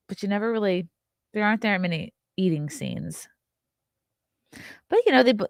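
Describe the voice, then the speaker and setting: A woman giving a casual, joking movie review, acting out the characters' lines in quick little voices. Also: medium pitch, dry recording, clean studio sound. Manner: animated, jokey, acts out voices of characters.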